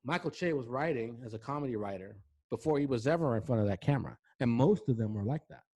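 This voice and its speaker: A male host spinning stories in an easygoing interview. His voice sits at an ordinary middle pitch. He keeps checking in with a quick "right?" as he goes. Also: animated, dark tone. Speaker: talk show host. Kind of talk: casual storytelling interview chat.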